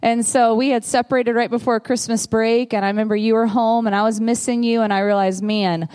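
A woman in her thirties with a Southern US accent, telling her side of the story in a lively, laughing way during a sermon. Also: a little high, fairly quick, clean tone. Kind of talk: sermon told as a couple's story.

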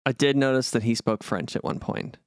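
A man's voice: medium pitch, steady tone, a little fast, smooth, dry recording. A man co-hosting a podcast, answering in short, dry, teasing remarks. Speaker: podcast co-host. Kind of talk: casual chat.

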